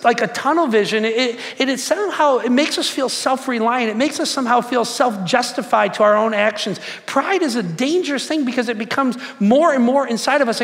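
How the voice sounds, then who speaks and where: A man's voice: very high voice, fairly bright tone, long reverb tail. A man in his forties preaching a sermon, casual and conversational, telling stories and asking the crowd questions. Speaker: pastor.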